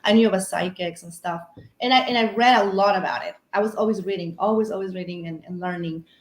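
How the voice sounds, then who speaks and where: A woman's voice: mid-range voice, fast. Echoey rambling woman storyteller. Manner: rambling, storytelling with many fillers and restarts. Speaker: guest paranormal investigator. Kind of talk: casual podcast chat.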